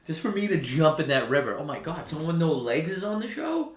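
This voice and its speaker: A man's voice: a little high, sing-song, a little fast, few pauses. A man casually commenting on a live basketball game, sarcastic and profane, ranting in exasperation at a struggling team. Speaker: live game watch-along streamer. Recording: roomy echo.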